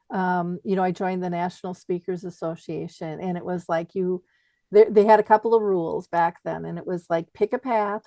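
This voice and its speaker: A woman hosting an interview show, talking in an animated, expressive way and laughing easily. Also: mid-range voice, no room sound. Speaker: podcast host. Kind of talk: conversational interview.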